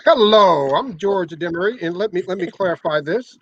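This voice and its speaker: Animated and high-voiced, an older man talks at normal speed as an interview guest about his lengthy radio career, once as a sales manager. He explains at length, repeating words whenever he restarts. His tone is fairly bright, and the lo-fi recording has no echo.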